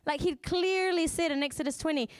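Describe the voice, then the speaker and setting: A woman with a New Zealand accent preaching a sermon in church, telling the story with lively asides and acting out the voices of the people in it. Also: very high-pitched, fairly quick, no echo.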